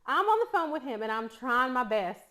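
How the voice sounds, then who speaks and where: A chatty middle-aged woman with a warm East Tennessee accent tells stories while cooking in a casual vlog. Her voice sits a bit high and she laughs easily between thoughts. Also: big pitch swings, normal speed. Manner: chatty storyteller, laughs often. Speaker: cooking vlogger.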